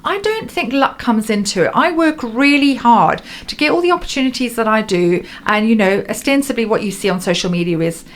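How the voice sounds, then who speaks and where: A woman's voice: on the high side, expressive, fairly quick, hardly any pauses. A woman hosting a radio talk show, interviewing a guest in a casual, enthusiastic way and reacting expressively.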